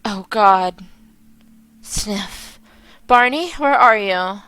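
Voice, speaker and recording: A woman voicing a worried young mother who soothes her sick child in a gentle, tender way while reading game dialogue aloud. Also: medium pitch, animated, drawn-out words, clean tone, dry recording, soft background music, exaggerated voice.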